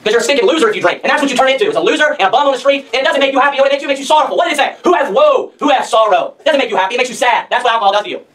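A man preaches a sermon at a breakneck pace, his voice pitched very high. He hammers his points home with rhetorical questions and reads scripture aloud. He sounds set back from the mic, with a faint noise underneath. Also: very fast, hardly any pauses, fairly bright tone, far from the mic, low-quality recording.

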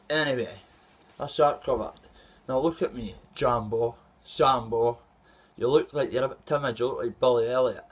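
A man's voice: mid-range voice, slightly rough. A Scottish man in his thirties, an amateur fighter, delivering an aggressive, rambling trash-talk callout to a rival. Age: 30s. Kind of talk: trash-talking callout video.

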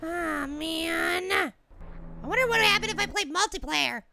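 A performer voicing a tiny, excitable cartoon apple who hosts a gaming video, yelling and giving silly names to the monsters. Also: very high-pitched, unhurried, gravelly, slight background noise, full character voice. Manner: excitable, shrieks and yells, silly name-calling. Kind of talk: cartoon character game commentary.

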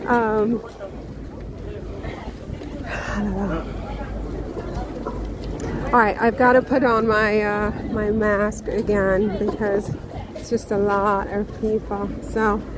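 A woman's voice: medium pitch, level tone, slow, long pauses, a crowd in the background, noisy background. A woman vlogging to camera while walking outdoors, rambling with restarts and asides. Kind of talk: casual vlog talk to camera. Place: outdoors on town streets.

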